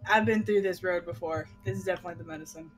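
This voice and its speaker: A middle-aged woman telling a long, animated story in casual chat, laughing and acting out what people said. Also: on the low side, rapid-fire, soft background music. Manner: animated, laughing, acts out quotes. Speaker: podcast co-host.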